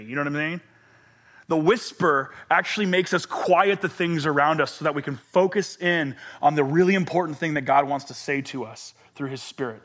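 Male pastor, 30s, high and bright voice, expressive sermon delivery. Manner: expressive, drops to whispers and shouts for emphasis.

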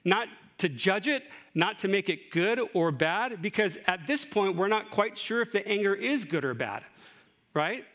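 A man's voice: high-pitched, animated, unhurried, fairly bright tone. A middle-aged man preaching a sermon in a conversational way, with asides and rhetorical questions. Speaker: pastor.

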